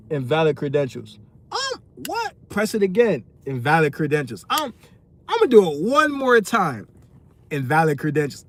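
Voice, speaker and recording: Young man, storytime vlogger, animated slangy delivery, slightly high voice. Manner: animated, slangy, pitch jumps when exasperated. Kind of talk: casual storytelling.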